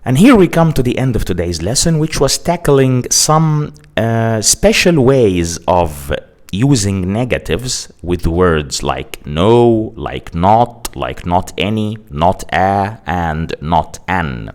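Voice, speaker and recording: Lively-toned man teaching English. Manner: slow, deliberate delivery of example phrases, repeating points; lively rise and fall in pitch when explaining. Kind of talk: grammar lesson explanation.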